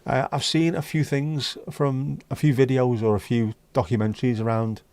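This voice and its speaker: Hosting a livestream, a North West England man trades blunt, chatty remarks with viewers in the live chat, casually dropping swear words. He speaks at normal speed in a level, mid-range voice that's a little mellow, with no echo.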